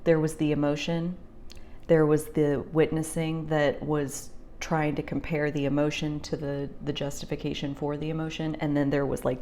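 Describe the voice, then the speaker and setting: A young woman talking through a heartfelt personal reflection, rambling with many fillers and sometimes dropping to a soft near-whisper. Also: deep voice, slight background noise. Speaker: spiritual vlogger.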